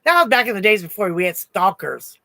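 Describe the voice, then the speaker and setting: A woman's voice: mid-range voice, big pitch swings, a little fast, bright, forceful tone, no room sound. A woman in her sixties hosting a livestream, telling stories casually, laughing often and answering chat comments. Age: 60s. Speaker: crochet livestream host. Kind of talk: casual storytelling to a live chat.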